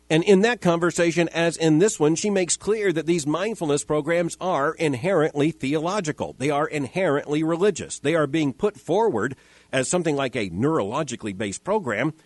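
A man hosting a podcast, giving measured, emphatic scripted commentary that quotes and rebuts with repetition. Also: fairly high pitch, a little mellow, no room sound. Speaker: host of a daily commentary podcast.

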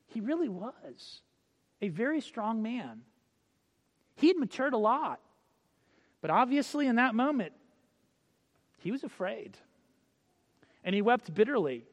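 A male preacher giving a sermon, telling stories, acting out quotes and reading scripture slowly. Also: very high voice, big pitch swings, big-room sound. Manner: storytelling, acts out quotes, reads scripture slowly.

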